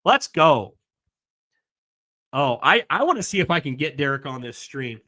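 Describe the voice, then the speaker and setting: A man hosting a live reaction stream, excited and rambling, apologizing as he juggles things. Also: fairly high pitch, measured pace. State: recovering from a week of sickness, coughing.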